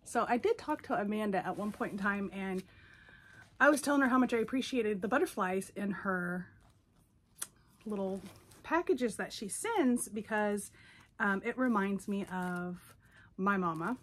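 A woman's voice: mid-range voice, expressive, unhurried, a bit bright. A woman vlogger chatting casually through a box opening, gushing and sentimental. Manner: gushing, sentimental, easily moved. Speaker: doll collector vlogger.

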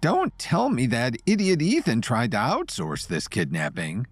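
A man's voice: medium pitch, huge pitch swings, measured pace, husky, dry recording, full character voice. A man voicing an irritated, scheming pregnant woman who speaks sharply. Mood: exasperated.

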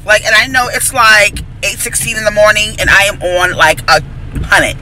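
A woman's voice: medium pitch, moderate pace, pushed and bright, a little hiss or hum, rough recording. A young woman vlogging from inside her car, venting her frustration to the camera and swearing freely. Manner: profane, exasperated venting to camera. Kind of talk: casual vlog rant.

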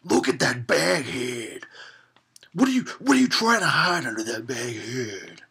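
A man doing a rough impression of a brash male pro wrestler, taunting in a loud, drawn-out voice. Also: medium pitch, sing-song, exaggerated voice.

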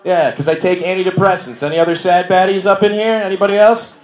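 A man in his thirties with a fast, high-pitched voice and fairly even intonation does a loose, self-deprecating stand-up set before a live audience in a bar room, often laughing at his own jokes. The recording has the roomy sound of a live venue.

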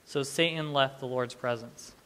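A man's voice: medium pitch, fairly even intonation, moderate pace, a bit bright, smooth. A man in his thirties preaching a sermon in a conversational, humorous way, often restarting his sentences. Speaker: pastor.

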